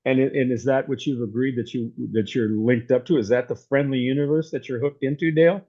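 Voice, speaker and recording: A man's voice: medium pitch, fairly even intonation, fairly quick, dark tone. Rambling preacher man, muffled recording. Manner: rambling, conversational storytelling. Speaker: pastor. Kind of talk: informal sermon. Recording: dull lo-fi recording.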